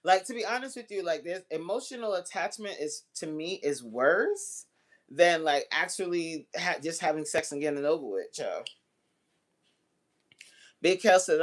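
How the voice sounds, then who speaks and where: A woman's voice: on the low side, animated, normal speed. A woman hosting a casual livestream, reading out chat comments and bantering back in a playful, teasing way.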